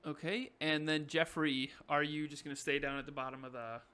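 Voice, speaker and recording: Bright-voiced young man running a game. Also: on the high side, steady tone, brisk, clear, resonant tone. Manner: casual, laughing, loose and joking. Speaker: game master. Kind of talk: narrating a tabletop game.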